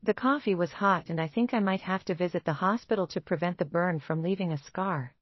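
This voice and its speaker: A woman playing a quiet, manipulative young rival. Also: lowish voice, brisk, no echo, lo-fi sound, natural voice. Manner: quiet, soft-spoken.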